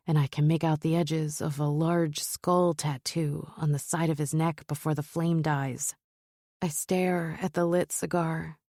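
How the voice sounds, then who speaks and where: A woman narrating a romance novel in first person, in a measured, steady storytelling manner. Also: deep voice, dry recording, clean studio sound. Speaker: audiobook narrator.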